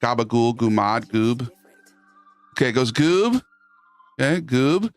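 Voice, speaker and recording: Man, live stream chat, middle pitch, loose and animated, faint music behind. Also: no echo. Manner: loose, animated, jumps into quick silly voices.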